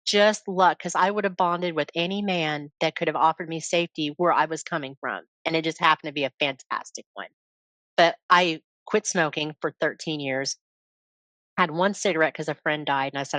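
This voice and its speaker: Woman with a low, dry voice. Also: moderate pace, a bit bright, dry recording. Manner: open, reflective storytelling. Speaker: guest. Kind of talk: candid personal interview talk.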